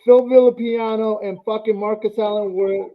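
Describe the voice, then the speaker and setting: A man's voice: sits high, steady tone, normal speed. A man speaking bluntly and emphatically about football history, swearing as he makes his point. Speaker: podcast co-host. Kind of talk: profane sports talk. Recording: tinny phone-like audio.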